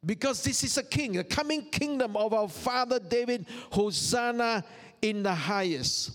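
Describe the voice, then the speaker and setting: A man's voice: high-pitched, expressive, normal speed, a bit bright, big-room sound. A man preaching a sermon, earnest and full of rhetorical questions and repeated phrases. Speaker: pastor.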